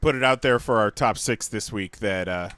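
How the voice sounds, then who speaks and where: A man's voice: on the low side, normal speed, fairly bright tone, dry recording. A man co-hosting a podcast in casual chat, bantering and teasing with easy laughs. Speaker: podcast co-host.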